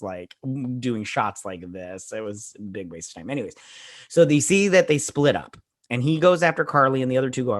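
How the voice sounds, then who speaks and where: A man with a medium-pitched, fairly bright voice hosts a casual recap of a TV episode. He rambles with lots of fillers and gives blunt opinions.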